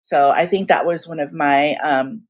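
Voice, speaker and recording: A woman in her forties telling stories in casual chat as a guest, animated and laughing often, acting out the voices of people she quotes. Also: deep voice, moderate pace. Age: 40s. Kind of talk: casual storytelling.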